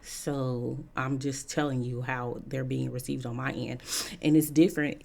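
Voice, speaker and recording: A woman's voice: extremely low pitch, little pitch movement, a little slow, gravelly, a little mellow. A woman giving a casual opinion monologue as a vlogger, frank and chatty with many "um" fillers and repeated points for emphasis.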